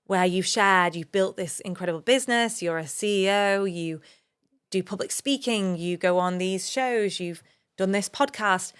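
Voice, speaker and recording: A woman's voice: mid-range voice, moderate pace, clear, resonant tone. A woman in her thirties from England hosting a solo podcast, talking openly and earnestly about her own experiences to encourage listeners. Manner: earnest, open, motivational, speaks of personal experience. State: emotional at times. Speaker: podcast host.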